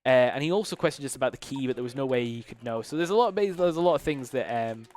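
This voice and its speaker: A man's voice: mid-range voice, very fast, darkish tone, a little hiss or hum. A man from the United Kingdom giving casual live commentary on his own speedrun, explaining the game as he plays and using a lot of fillers.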